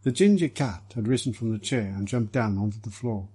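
A man reading a detective story aloud as the narrator, in a measured, even manner. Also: on the low side, slightly rough, no echo. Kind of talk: scripted audiobook narration.

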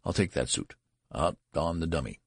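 A man's voice: very deep voice, lively intonation, normal speed, husky, dry recording, clean studio sound, full character voice. A man voicing a nervous middle-aged father who stammers and snaps. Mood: flustered. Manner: flustered, stammering.

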